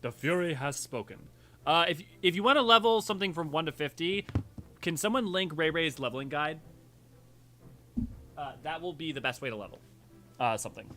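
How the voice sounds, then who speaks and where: A man's voice: on the high side, brisk, long pauses, pushed and bright. A man streaming a game, chatting casually and nerdily, often restarting and correcting himself as he rambles. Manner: rambling, self-correcting, nerdy. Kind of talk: casual livestream chat and game commentary.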